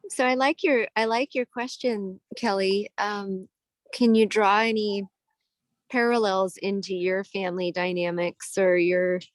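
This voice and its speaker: Gentle woman co-host, dry close sound. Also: medium pitch, fairly even intonation, a little slow, no echo.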